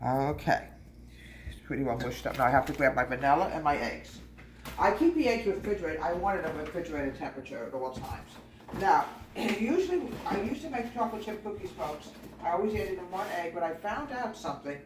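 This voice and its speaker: A woman hosting a home baking video, chatting in a homespun way, calling her viewers folks and drifting into small talk as she works. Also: sits low. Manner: chatty and homespun, often calls the viewers "folks" and wanders off topic. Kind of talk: casual cooking demonstration. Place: home kitchen. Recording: echoey kitchen with background noise.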